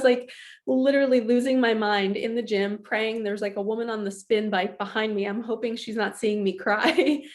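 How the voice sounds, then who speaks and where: A woman spiritual life coach in a confessional vlog, chatty and emotional, rambling with many "like"s and laughing often. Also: mid-range voice. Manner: emotional, openly sharing feelings. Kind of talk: confessional vlog talk to camera.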